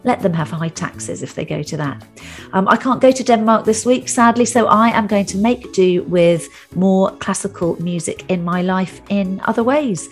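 A woman's voice: medium pitch, normal speed, soft background music. A woman hosting a podcast, making wry joking asides between questions and in her outro. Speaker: podcast host.

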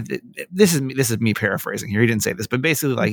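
Animated young man with a gravelly voice. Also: mid-range voice, very fast, few pauses. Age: young adult. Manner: animated storytelling, acting out quotes, frequent swearing. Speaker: radio and podcast host. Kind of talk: casual podcast chat.

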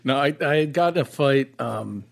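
Man, mid pitch, relaxed, halting, laughs easily, casual chat. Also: vocal fry. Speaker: podcast guest.

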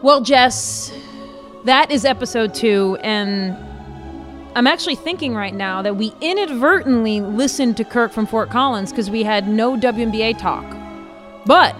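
A woman co-hosting a podcast in a casual, chatty chat, enthusiastic and quick to laugh. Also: a little high. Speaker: podcast co-host.

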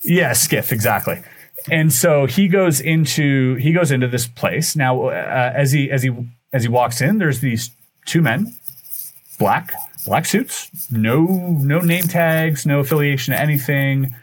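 A podcast guest with a mid-range voice and measured pace tells a long story in casual conversation. He's animated, acting out what people said, and his delivery is loose with fillers and restarts.

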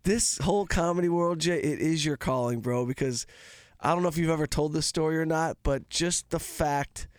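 A man's voice: fairly high pitch, normal speed, smooth, no room sound, clean studio sound. A man hosting a casual podcast chat, hyped and emphatic, calling his guest bro. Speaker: host.

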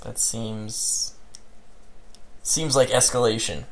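A man with a middle-pitched, gravelly voice chats over a game. He speaks briefly and cautiously, often repeating a word as he gets going. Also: fairly even intonation, slow pace. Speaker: player. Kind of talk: casual chat over a game.

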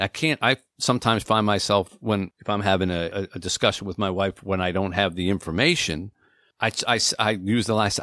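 A man in his forties co-hosting an advice talk show, speaking earnestly and slowing down to stress his key points. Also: on the low side, bright, forceful tone, dry recording, studio quality. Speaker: co-host.

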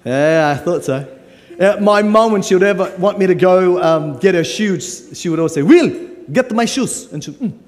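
A man's voice: sits high, normal speed. A man in his forties preaching a live sermon as a guest pastor, playful and joking as he coaxes the congregation. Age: 40s. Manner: playful, joking and coaxing the crowd. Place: church auditorium with live audience. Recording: long hall reverb.

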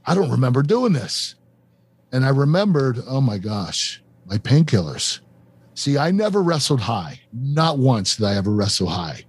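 A man's voice: mid-range voice, breathy edge, dry recording. A middle-aged man, the host of the show, earnestly telling a confessional story in an interview, with plenty of fillers. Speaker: show host and former wrestler.

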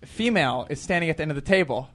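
A man's voice: fairly high pitch, expressive, racing, fairly bright tone. A man telling a casual, self-deprecating story on a talk show, with many restarts and acted-out quotes.

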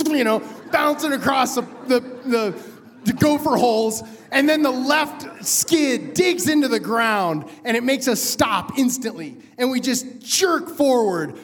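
A man telling a personal story live on stage, excitable and animated, chuckling as he goes. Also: extremely high pitch. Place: theater stage. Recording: long reverb of a live stage.

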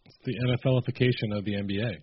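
A man co-hosting a podcast in casual chat, steering the talk in a relaxed way. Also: mid-range voice, racing, breathy edge. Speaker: podcast co-host. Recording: dull lo-fi sound.

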